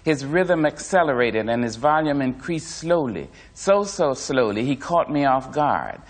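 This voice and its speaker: A man reading a first-person memoir aloud in a measured, expressive way. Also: medium pitch. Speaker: narrator.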